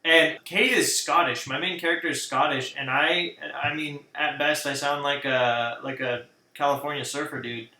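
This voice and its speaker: Bright-voiced man, slightly high, animated, laughs easily; echoey room. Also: normal speed. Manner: animated, self-deprecating, laughs often. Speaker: author and graphic designer. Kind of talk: casual chat.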